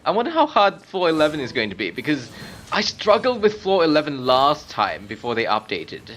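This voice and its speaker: A chatty man streaming a game, his pitch swinging widely as he reacts. His voice is bright and forward, with faint noise behind it. He shifts from easygoing talk to loud shouts at the screen. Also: huge pitch swings, a little fast. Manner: chatty, bursts into loud screams and laughs at the game. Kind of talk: live gameplay commentary.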